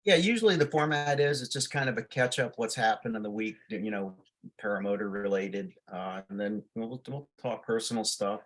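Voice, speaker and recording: A man's voice: on the low side, a bit bright. Jokey man who laughs a lot. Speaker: panel regular, show organizer. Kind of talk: casual panel chat.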